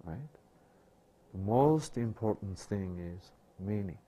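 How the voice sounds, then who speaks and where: A man's voice: on the low side, animated, measured pace, a little mellow, a little hiss or hum. A man giving a sermon-style health talk, asking rhetorical questions and answering them himself, with broken, repetitive phrasing. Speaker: health lecturer.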